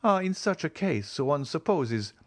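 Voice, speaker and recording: A male audiobook reader voicing a grave, reserved nobleman who speaks in a measured way. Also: a little high, big pitch swings, voice pushed up. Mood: earnest. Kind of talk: audiobook character reading.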